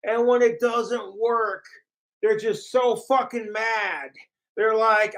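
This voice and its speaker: Man, high voice, slow drawn-out speech, profane mocking rant to camera. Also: steady tone, fairly bright tone, low-quality recording. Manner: profane, mocking, laughing at his trolls. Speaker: vlogger. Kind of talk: casual ranting to camera.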